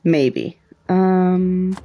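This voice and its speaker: A woman's voice: lowish voice, very slow, mellow, faint music behind. A woman livestreaming a puzzle game, thinking aloud in a chatty way and swearing freely. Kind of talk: casual gameplay commentary.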